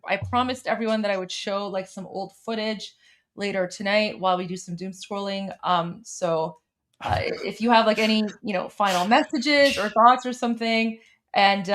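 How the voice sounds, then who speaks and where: A woman hosts a casual livestream in a soft-spoken, hedging way. She fills her talk with "like" and "um" as she lays out her plans to her viewers. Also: medium pitch. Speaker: livestream host.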